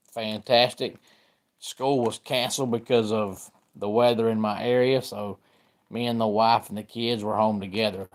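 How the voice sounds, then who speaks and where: A middle-aged man from Georgia with a Southern accent, hosting a casual live-stream sports talk and greeting viewers by name. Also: lowish voice. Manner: chatty, greets viewers by name while discussing football.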